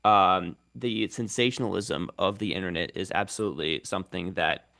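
Low, gravelly-voiced linguist man. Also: normal speed, sharp tone. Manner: articulate, explanatory. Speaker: guest linguist and content creator. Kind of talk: radio interview.

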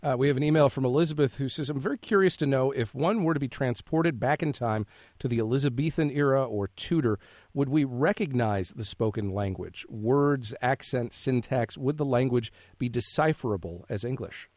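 Male public radio host, mid pitch, steady reads, dry close studio sound. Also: dry recording. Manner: measured, reads numbers slowly.

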